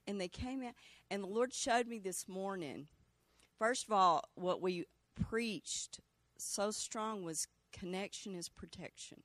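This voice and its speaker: A woman's voice: medium pitch, measured pace, fairly bright tone, no room sound. A woman giving an earnest, reflective testimony in a church service. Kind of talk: spoken testimony.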